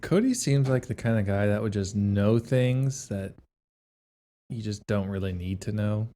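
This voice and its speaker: A man's voice: on the low side, measured pace, slight background noise. A man co-hosting a podcast in casual chat, telling stories and acting out quotes from friends. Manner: animated storytelling, acts out quotes, laughs often. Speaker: podcast co-host.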